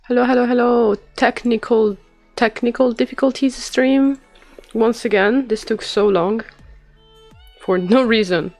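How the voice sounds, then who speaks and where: A woman's voice: a little high, fairly even intonation, measured pace, creaky, darkish tone, dry recording, faint music behind. A young woman chatting casually while streaming a game, giggly and rambling with self-deprecating asides.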